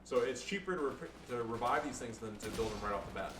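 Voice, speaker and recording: A man giving casual, profane, excitable commentary over his own strategy game match, joking and swearing between calls. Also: mid-range voice, quick pace, roomy sound, distant mic, noisy background. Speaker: gameplay commentator.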